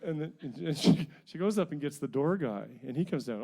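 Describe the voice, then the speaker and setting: A middle-aged singer-songwriter from New Brunswick, telling rambling, self-mocking stories between songs at a house concert. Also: male voice, fairly high pitch, lively intonation, brisk, hardly any pauses, a little mellow. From New Brunswick, Canada. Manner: rambling, self-mocking anecdotes with frequent chuckles. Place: living room at a house concert.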